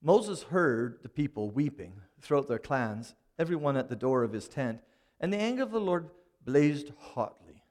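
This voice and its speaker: A man preaching a sermon, animated, often dropping suddenly to a quiet voice for emphasis. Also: mid-range voice, moderate pace. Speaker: pastor.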